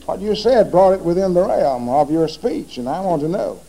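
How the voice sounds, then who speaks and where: A man's voice: high voice, expressive, normal speed, mellow, rough recording. A man giving a formal religious debate speech, pressing his opponent with repeated rhetorical questions.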